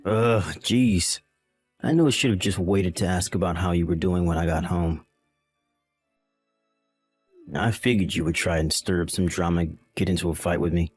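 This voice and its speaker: A man's voice: low-pitched, a little fast, husky, soft background music. A man voicing a callous young husband in a text-message drama, talking in a dismissive, impatient way.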